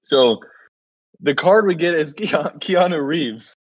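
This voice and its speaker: A man's voice: fairly high pitch, animated, unhurried, slightly rough, no room sound, highs cut off. A man co-hosting a podcast in casual chat, telling stories and laughing often. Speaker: podcast co-host.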